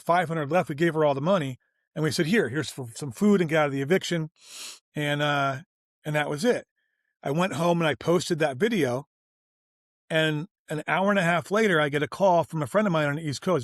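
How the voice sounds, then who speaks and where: Speaking a little fast, a business owner guesting on an interview show tells an informal story full of slang and energy, taking on the voice of everyone he quotes. His voice is a bit higher than average for a man. The recording is close and dry, lacking any room sound.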